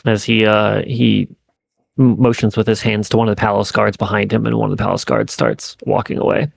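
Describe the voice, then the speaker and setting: A man narrating as game master, halting and thinking aloud with lots of fillers. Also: on the low side, creaky, husky, dry recording.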